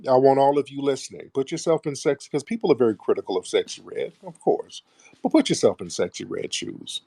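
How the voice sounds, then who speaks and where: A man's voice: medium pitch, animated, fairly quick, vocal fry, dark tone, breathy edge, no room sound. A middle-aged man hosting a radio show, talking bluntly and profanely to his listeners in a casual monologue. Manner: mocks others in put-on voices.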